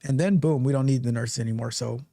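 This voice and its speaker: A man hosting a live tech stream, talking casually with animated, repetitive joking asides. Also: mid-range voice, quick pace, gravelly, dry recording, clean studio sound. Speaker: livestream tech show host.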